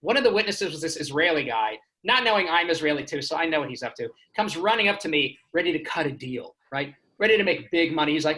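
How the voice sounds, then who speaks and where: Comedian guy from houston, bright punchy voice, goofy stories about himself. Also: on the high side, lively intonation, fast, hardly any pauses, poor audio. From Houston, Texas, United States. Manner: self-deprecating, storytelling asides. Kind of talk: stand-up comedy on a remote stream.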